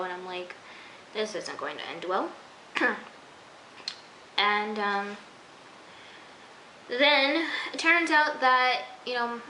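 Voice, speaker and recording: Chatty bright-voiced woman in an echoey room. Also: a little high, a little hiss or hum. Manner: chatty, lots of "like", acts out reactions. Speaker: TV episode reviewer. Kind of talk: casual recap vlog.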